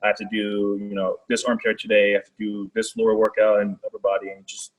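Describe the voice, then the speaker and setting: A young man, a baseball pitcher, talking casually as a guest, with lots of "like" and "you know". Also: quick pace, low-quality recording. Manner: relaxed, filler-heavy talk with many "like"s. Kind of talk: casual chat.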